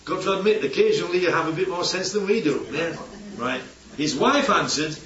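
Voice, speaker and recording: Chatty preacher in an echoey hall. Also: male voice, sits high, a little fast, a bit bright. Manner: chatty, keeps asking "yeah?", playful asides. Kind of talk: informal Bible-study sermon. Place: church hall with congregation. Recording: distant, roomy, dull hall recording.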